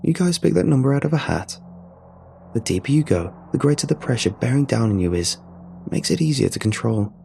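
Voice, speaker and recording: A man's voice: medium pitch, big pitch swings, brisk, creaky, dark tone, a little hiss or hum, pitched above the performer's own voice. A man voicing an irritable, jealous young man on a mission team who lectures the diver over the radio. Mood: irritated.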